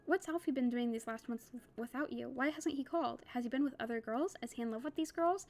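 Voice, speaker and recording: Jealousy, a needling personified emotion, voiced by a woman reading aloud, pushes questions in a high, mock-sweet voice. She speaks rapidly and a little louder than the narration.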